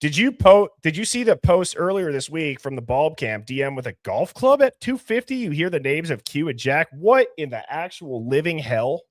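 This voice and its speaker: Live-stream host, man, slightly high voice, dry close mic, loud greetings. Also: sing-song, moderate pace, hardly any pauses, no echo. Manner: reads out viewer names and chat, bursts of laughter and loud greetings. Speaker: livestream host. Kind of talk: casual live-stream chat.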